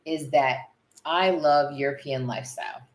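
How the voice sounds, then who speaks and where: A middle-aged woman from the United States chatting casually as a vlog co-host, animated and storytelling. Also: low-pitched, normal speed. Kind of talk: casual live chat.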